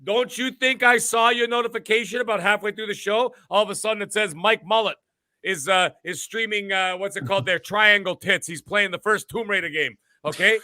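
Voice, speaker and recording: A man's voice: high-pitched, a little fast, sharp tone, no room sound. A man hosting a gaming podcast, ranting in a profane, mock-boastful way. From Canada. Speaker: podcast host. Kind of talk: casual gaming podcast chat.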